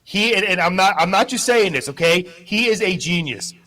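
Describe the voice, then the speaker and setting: A man's voice: high voice, lively intonation, brisk, sharp tone. A man doing the news on a live local morning show, bantering in a jokey, self-deprecating way. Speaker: news presenter.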